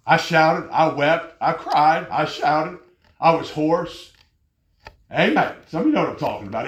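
A man preaching a fervent sermon, telling stories and rising to loud exclamations. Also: fairly high pitch, animated, measured pace, roomy sound.

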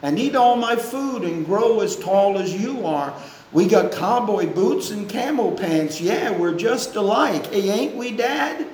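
A man's voice: high voice, lively intonation, measured pace, darkish tone, slight background noise, voice pushed up. A preacher reading as an eager little boy. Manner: sing-song, lightly raised voice. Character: eager four-year-old boy admiring his dad. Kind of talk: reading a song lyric aloud in a sermon. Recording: echoey church room.

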